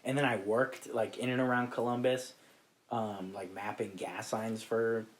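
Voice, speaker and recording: A man's voice: fairly low pitch, level tone, a little slow. Laid-back swearing man from Ohio. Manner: laid-back, swears freely, laughs often. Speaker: podcast guest. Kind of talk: casual chat.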